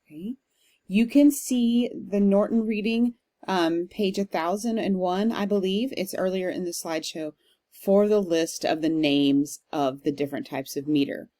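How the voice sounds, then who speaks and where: Woman, literature instructor, recorded lecture, mid-pitched, patient and explanatory. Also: unhurried. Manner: explanatory, steady, with frequent ums.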